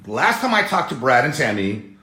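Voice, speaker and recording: A man's voice: mid-range voice, very animated, a little fast, pushed and bright, reverberant. A man hosting a podcast in casual chat, joking and laughing often as he interviews guests. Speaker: podcast host.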